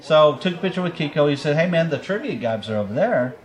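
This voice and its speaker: A man's voice: fairly high pitch, big pitch swings, fast. A man casually telling a long story on a podcast, rambling, swearing and laughing often.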